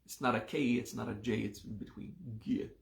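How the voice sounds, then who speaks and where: A man teaching a live meditation class, explaining a mantra and its hand gesture at an unhurried pace and often checking in with "okay?". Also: medium pitch, vocal fry, reverberant.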